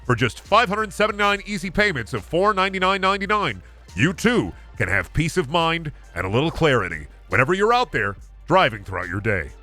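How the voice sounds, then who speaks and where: A man voicing a slick, pushy car-warranty telemarketer with smooth, rehearsed sales patter in a lowered voice. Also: big pitch swings, a little fast, bright, forceful tone, soft background music. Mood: salesy.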